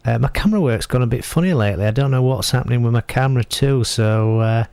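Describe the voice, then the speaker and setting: Gravelly, offhand Northern English man. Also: medium pitch, fast, a little mellow, no room sound. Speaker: show regular sending in video clips. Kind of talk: casual video message.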